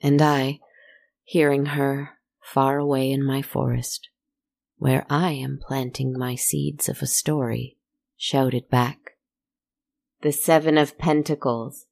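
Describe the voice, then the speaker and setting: A storyteller narrating a slow, meditative tale in a soft, reflective manner, with asides to the listener. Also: mid-range voice, flat delivery, gravelly, no room sound.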